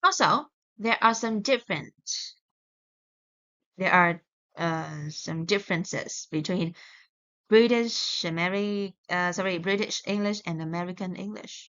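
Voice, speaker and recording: A woman teaching English pronunciation in a recorded lesson, speaking slowly and deliberately and correcting herself along the way. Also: fairly low pitch, fairly bright tone. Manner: slow and deliberate, with self-corrections. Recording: dull lo-fi sound.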